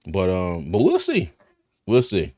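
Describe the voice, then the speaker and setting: A man's voice: low voice, huge pitch swings, unhurried, a little mellow. Laughing man hosting a livestream. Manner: loose, laughs often, restarts and trails off. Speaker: host of a live draft-night stream. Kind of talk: casual livestream chat.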